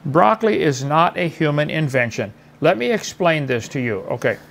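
A man's voice: fairly high pitch, animated, normal speed, creaky, a bit bright, slight background noise. A middle-aged man debating in a mocking, lecturing way, repeating his points.

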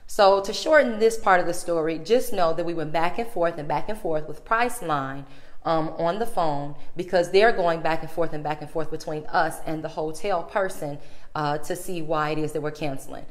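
A woman's voice: low-pitched, moderate pace. A woman podcast host telling a personal story in a casual, chatty way, talking straight to her listeners. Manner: chatty, addresses listeners directly.

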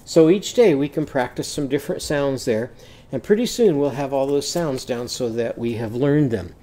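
A man's voice: mid-range voice, normal speed, warm tone. A man teaching a phonics lesson, chanting letter sounds in a sing-song way and explaining the activities.

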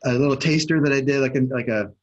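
A man's voice: medium pitch, fast talker, muffled recording. A man co-hosting a podcast, chatting casually and acting out both sides of a hypnosis session as he retells it. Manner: animated storytelling, acting out both sides of a conversation. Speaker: podcast co-host and hypnosis coach. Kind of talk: casual chat.

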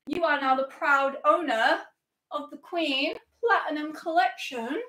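A high-pitched woman hosts a live stream giveaway, gushing with excitement. She chats casually with viewers and reads their comments aloud as she goes. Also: unhurried. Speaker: music channel host.

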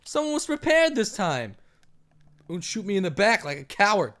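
A man doing let's play commentary, excitable, swinging between yelling and muttering. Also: high voice, normal speed. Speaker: gameplay commentator.

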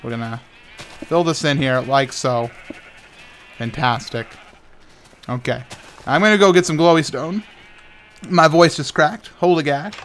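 A man's voice: fairly high pitch, lively intonation, moderate pace, pauses often, sharp tone, slight background noise. A tired young man, host of a gaming channel, rambling with many stammered restarts and playful sound effects while building in Minecraft. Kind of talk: casual talk while playing Minecraft.

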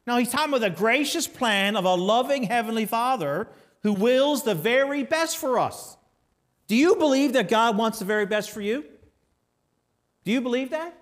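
High-voiced preacher swinging loud and soft. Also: male voice, lively intonation, moderate pace. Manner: emphatic, swings between raised exhortation and quiet storytelling. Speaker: pastor. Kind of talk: sermon. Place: church sanctuary.

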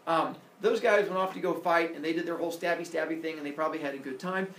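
Man playing grumbling farmer, rambling complaints, gravelly, echoey room, distant. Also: on the high side, fast talker, fairly bright tone, a little hiss or hum. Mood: complaining. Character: grumbling middle-aged male farmer spokesman.

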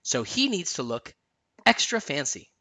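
A man's voice: on the high side, sing-song, measured pace, pushed and bright, heavily acted. A man reading a storybook aloud, voicing a cheerful, playful young princess with bouncy enthusiasm.

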